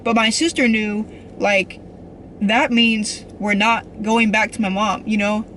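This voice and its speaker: Bright-voiced young woman telling a personal story. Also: mid-range voice, steady tone, a little slow, slight background noise. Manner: rambling, many fillers and restarts; earnest and emotional. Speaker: vlogger.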